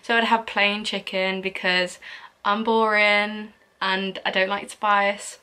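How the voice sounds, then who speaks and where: A woman's voice: medium pitch, level tone, slow, pushed and bright, clean tone. Young female vlogger, casual Q&A chat, chatty and giggly. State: out of breath. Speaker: YouTuber. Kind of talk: casual Q&A vlog.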